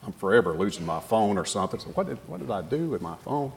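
Animated folksy male preacher. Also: lowish voice, quick pace, vocal fry, slight background noise. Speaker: pastor. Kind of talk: sermon retelling scripture.

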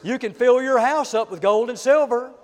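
A man's voice: very high voice, normal speed, long reverb tail, voice pushed up. A man voicing a hot-tempered, scheming male prophet who turns whiny and wheedling when cornered. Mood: self-righteous.

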